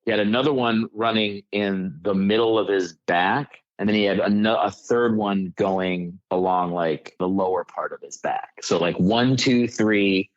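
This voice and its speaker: A man's voice: lowish voice, measured pace, few pauses. A man, a comedian calling in as a guest, telling a story casually and rambling with lots of filler words. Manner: rambling, heavy use of "like" fillers. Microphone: calling in remotely. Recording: dull lo-fi call-in audio.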